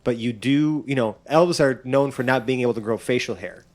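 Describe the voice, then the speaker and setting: A man's voice: mid-range voice, brisk. Rambling male game master. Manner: rambling, many ums and likes. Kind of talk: casual tabletop narration.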